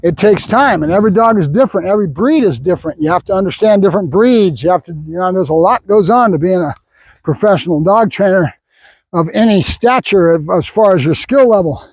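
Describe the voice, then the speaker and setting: High-voiced opinionated older male dog trainer. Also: expressive, brisk, darkish tone, breathy edge, no room sound, rough recording. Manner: opinionated, rambling, breaks off to praise the dog. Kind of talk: training vlog with running commentary.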